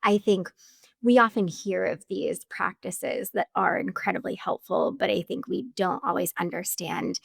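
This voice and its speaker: A woman's voice: mid-range voice, creaky, no room sound, clean studio sound. A woman hosting a podcast, sharing her own experience at length before asking reflective questions. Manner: reflective, asks long framed questions. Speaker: podcast host. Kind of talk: casual interview chat.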